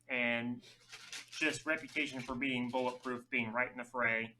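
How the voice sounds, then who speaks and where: A man's voice: mid-range voice, fairly even intonation, normal speed, sharp tone, poor audio. A man playing a tabletop game, describing his character in easygoing casual chat. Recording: faint background noise.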